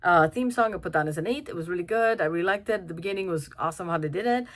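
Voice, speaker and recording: A young woman talks through a film review in a relaxed, chatty way. Her voice sits a little low, and she keeps circling back with fillers and restarts. She breaks into laughs as she goes. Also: rapid-fire. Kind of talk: casual spoken review.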